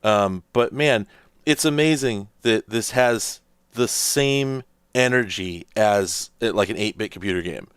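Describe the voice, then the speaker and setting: A man's voice: lowish voice, a little slow, a bit bright, clear, resonant tone, no echo, studio quality. A man hosting a casual let's-play, rambling and thinking aloud with lots of fillers as he plays. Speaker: host.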